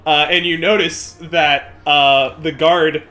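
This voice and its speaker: A man's voice: on the high side, steady tone, bright, forceful tone, soft background music. A young man running a tabletop game as game master, narrating casually with frequent laughs. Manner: casual, laughing, quick asides.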